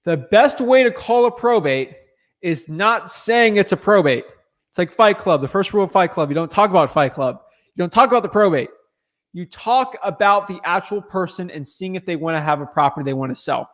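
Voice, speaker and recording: Talky guy on a stream, laid back, kinda high-pitched, lots of uhs and likes. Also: a little fast. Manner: relaxed, chatty, loose filler words and restarts. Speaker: real estate wholesaler answering viewer questions. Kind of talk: casual livestream chat.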